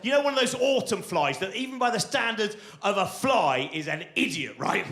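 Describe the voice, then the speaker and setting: A man's voice: sits high, expressive, moderate pace, a bit bright. A man in his forties doing live stand-up comedy, rambling and digressive with frequent tag questions. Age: 40s. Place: theatre stage before a live audience.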